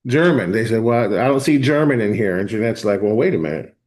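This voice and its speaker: A man hosting a live online class, talking viewers through software step by step in a casual, chatty way. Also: fairly low pitch, expressive, fairly quick. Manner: casual, talks to viewers directly, thinks aloud while clicking. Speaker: host of a software training session. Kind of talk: live screen-share walkthrough.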